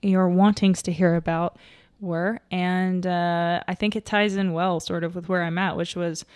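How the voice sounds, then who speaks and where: A young woman talks on her podcast in a loose, thinking-aloud way, full of fillers, restarts and small laughs. Her voice sits a little low and sounds smooth and clear. She is slightly out of breath, recorded close and dry with no room sound. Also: fairly even intonation, unhurried, darkish tone, no echo. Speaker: podcast host. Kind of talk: casual solo podcast talk.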